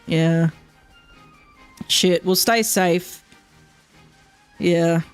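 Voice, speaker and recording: A woman's voice: on the low side, fairly even intonation, very slow, clear, resonant tone, faint music behind. A woman streamer chatting casually while playing a game at home, rambling, swearing often and laughing a lot.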